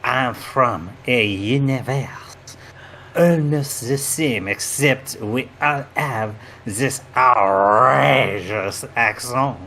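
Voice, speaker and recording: A man hamming up a slow fake-French cannibal. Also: medium pitch, fairly bright tone, slight background noise. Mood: deadpan absurd. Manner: hammy, unbothered, slow and halting. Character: alternate-universe man, cheerful cannibal, outrageous fake French accent. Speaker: podcast host. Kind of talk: comedic podcast improv.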